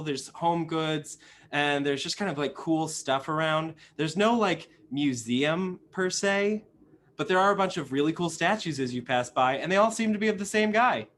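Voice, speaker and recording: A man's voice: fairly high pitch, a bit bright. A man narrating as game master of a tabletop game, rambling with many fillers and restarts.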